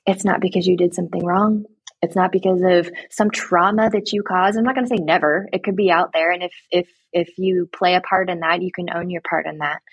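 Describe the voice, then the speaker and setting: A woman giving earnest, direct faith-based advice to parents, retelling a story with lively asides. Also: lowish voice, creaky, husky, no room sound. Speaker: guest speaking to parents.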